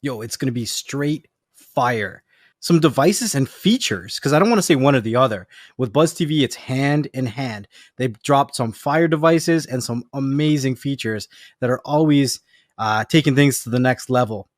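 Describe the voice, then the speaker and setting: A man's voice: mid-range voice, lively intonation, normal speed, no room sound, clean studio sound. A man hosting a casual podcast, talking in a hyped, slangy way. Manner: hype, slangy. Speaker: podcast host. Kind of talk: casual chat.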